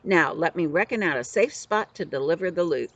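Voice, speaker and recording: A woman voicing a gruff, boastful male outlaw leader in a storybook reading, bossing everyone around in rough slang. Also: fairly low pitch, animated, fairly quick. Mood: bossy. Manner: coarse old-fashioned slang, bossy.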